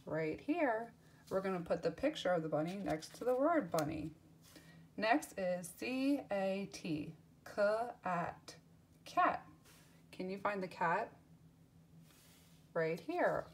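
A woman's voice: medium pitch, lively intonation, takes it slowly, long pauses, slight background noise. A woman teaching young children, spelling out words letter by letter and repeating them in a sing-song voice with cheerful praise. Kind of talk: children's lesson.

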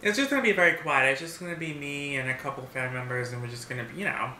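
A man vlogging a mukbang story time, talking while he eats in an animated, blunt, profane way. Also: fairly high pitch, racing. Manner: animated, talks while eating. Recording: echoey room, faint background hiss.

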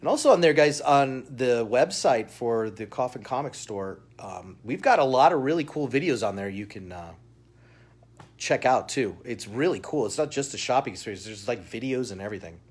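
A man's voice: mid-range voice, expressive, normal speed, husky. Chatty upbeat man hosting a live sales stream. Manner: chatty, upbeat, laughs often, reads viewer chat aloud. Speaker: shopping show host. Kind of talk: live-stream product showcase.

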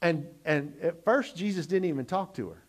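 Man, middle-aged, pastor, sermon, fairly high voice, loud-to-quiet swings, repeated restarts. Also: animated, normal speed. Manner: swings between loud emphatic lines and low quiet asides; repeats words and restarts phrases.

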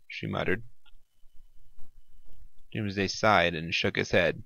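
A man narrating a science fiction story in a measured, wry storytelling manner. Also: low voice, vocal fry, bright, forceful tone, dry recording. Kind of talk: audiobook narration.

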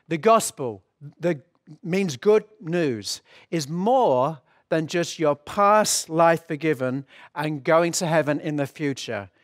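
A man's voice: fairly high pitch, dry recording, studio quality. A man preaching a sermon as pastor, earnest and explanatory, often restarting his phrases.

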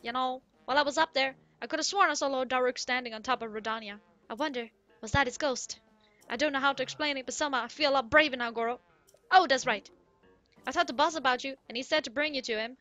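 A woman reading game lines as a boisterous male rock-creature miner, putting on a loud, mock-gruff attempt at an Irish accent. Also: high voice, quick pace, soft background music. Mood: hearty. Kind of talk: reading game dialogue aloud in a put-on voice.

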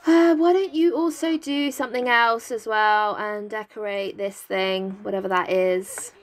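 An English woman chatting excitedly as she plays a life-sim game, cheering on and coaxing her characters. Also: mid-range voice, measured pace. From England. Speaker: gaming YouTuber. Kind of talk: casual let's-play commentary. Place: home, top-floor flat.

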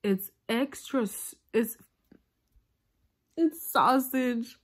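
A young woman, telling a casual storytime in a vlog, animated and laughing, sometimes dropping to a whisper. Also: a little high, very slow. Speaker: vlogger.

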